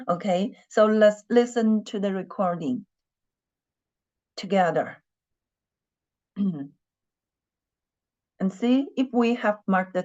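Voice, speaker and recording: Woman teaching slowly, patient, keeps asking if ur clear, muffled lo-fi sound. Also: mid-range voice, a little mellow. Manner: patient, repeats herself, asks "are you clear?". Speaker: Chinese teacher. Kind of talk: slow live language lesson.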